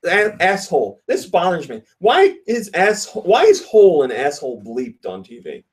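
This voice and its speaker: A man's voice: a little high, big pitch swings, normal speed. A man hosting a casual podcast, reading listener comments aloud and laughing often. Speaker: podcast host.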